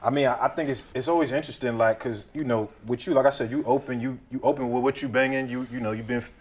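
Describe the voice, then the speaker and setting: A man's voice: mid-range voice, steady tone, fast talker. A man hosting an interview, asking loose, rambling questions full of fillers. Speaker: interview host.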